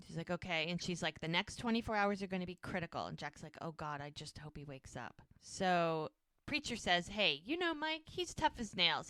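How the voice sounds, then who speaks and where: A woman co-hosting a podcast, casually recapping a TV episode and acting out the characters' lines in quick voices. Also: lowish voice, bright, forceful tone, clean tone, dry recording. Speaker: podcast co-host.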